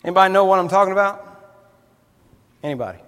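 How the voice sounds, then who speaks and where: A man's voice: high voice, expressive, fast talker, fairly bright tone, clean tone. A man preaching a sermon, telling a folksy story and building to fervent emphasis. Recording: long hall reverb.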